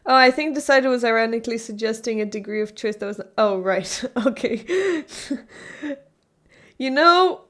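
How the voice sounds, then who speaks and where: A woman's voice: on the high side, animated, moderate pace, fairly bright tone. A woman streamer chatting casually with her viewers, rambling and often stopping herself mid-thought. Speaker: live streamer. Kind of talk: casual live-stream chat.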